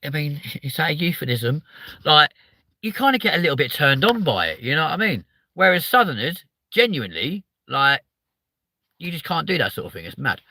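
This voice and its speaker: A man's voice: fairly high pitch, brisk, dry recording. Hyper, swearing southern English man. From southern England. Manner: hyper, animated, swears a lot. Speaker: live stream host. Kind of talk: casual live-stream chat, reading viewer comments.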